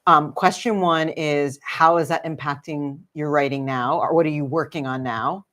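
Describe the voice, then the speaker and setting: A woman's voice: sits low, fairly even intonation, moderate pace, fairly bright tone. A woman interviewing an author in casual conversation, giving brief encouraging replies and asking questions.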